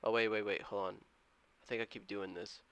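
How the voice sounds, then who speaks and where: Quiet-voiced man streaming his trades. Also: lowish voice, steady tone, moderate pace, clear, resonant tone, no room sound. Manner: chatty, reads out viewer comments and counts aloud; talking kind of quiet. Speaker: day trader live-streaming. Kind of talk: casual live-stream chat. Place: indoors at home.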